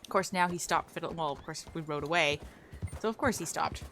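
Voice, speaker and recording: A woman with a notably low voice talks to her stream in a relaxed, conversational way. She also reads a story aloud to her viewers. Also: fairly quick, slight background noise. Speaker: roleplay streamer. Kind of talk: casual streaming chat and story reading.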